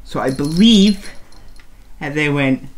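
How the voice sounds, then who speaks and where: A man's voice: fairly high pitch, expressive, slow pace, a little hiss or hum. A man co-hosting a crafting podcast at home, chatting casually and showing off yarn to the camera. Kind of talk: casual chat. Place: home, at a table. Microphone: camera on a table.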